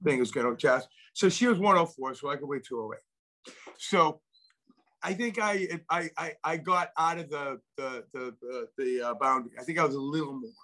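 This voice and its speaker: A middle-aged man recounts a personal story in a loose, rambling way, stumbling over repeated words and restarting his sentences. His voice sits a bit higher than most men's. He speaks as an interview guest. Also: moderate pace, bright, forceful tone. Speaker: guest, venture investor.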